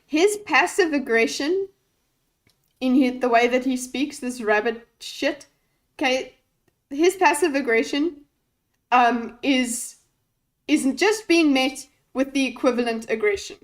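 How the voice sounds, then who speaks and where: A woman's voice: sits high, animated, unhurried, rough recording. A woman streamer giving live reaction commentary on a debate, giddy and laughing through her words, swearing casually.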